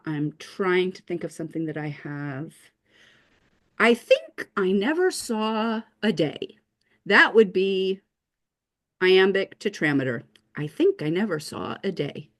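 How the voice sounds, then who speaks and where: Lively upbeat woman teaching poetry. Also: medium pitch. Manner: upbeat, reassuring, explains step by step. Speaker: writing teacher. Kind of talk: casual online lesson.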